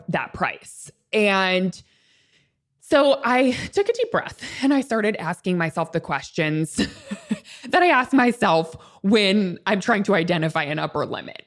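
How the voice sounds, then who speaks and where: A young adult woman hosting a solo podcast, telling a personal story in a casual, animated way that swings between excited highs and calm low tones. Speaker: podcast host.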